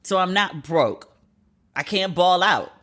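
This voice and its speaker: A woman around forty hosting a solo podcast, talking in an animated, profane, venting way. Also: fairly low pitch, takes it slowly. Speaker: podcast host.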